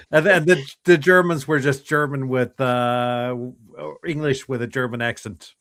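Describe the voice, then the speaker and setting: Man, co-host, casual chat, measured, medium pitch. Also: steady tone, fairly bright tone.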